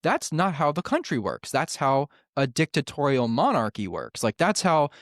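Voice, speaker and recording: Exasperated mocking man, slightly high voice. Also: very animated, moderate pace, dry recording, clean studio sound. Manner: exasperated, mocking, swears casually. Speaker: political commentary co-host. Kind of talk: casual political commentary.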